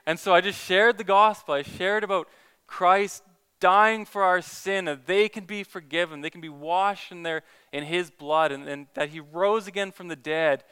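A man's voice: sits high, normal speed, bright, forceful tone, smooth. A man who is a Christian evangelist, earnestly telling a story in a casual talk, with many restarts.

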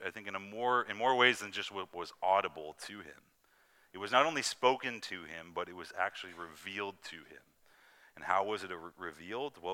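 A man preaching an earnest, emphatic sermon, slowing down to stress scripture quotes. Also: on the low side, pushed and bright.

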